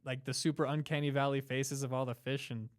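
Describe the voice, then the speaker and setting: A young man hosting a casual podcast chat in a small room. He talks in an animated way and breaks into bits of singing and silly voices. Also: mid-range voice, fairly quick. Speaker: podcast host.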